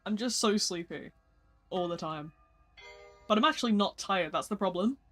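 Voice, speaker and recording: Sleepy yawny streamer rambling in slang to chat while gaming, mid pitch. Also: normal speed, fairly bright tone, faint music behind. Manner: slangy, rambling, self-mocking. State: sleepy and yawning. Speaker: gaming livestreamer. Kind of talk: casual livestream chat while playing.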